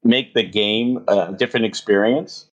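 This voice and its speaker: A man's voice: lowish voice, unhurried, dull audio. A man hosting a casual gaming podcast interview, conversational and enthusiastic. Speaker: podcast host.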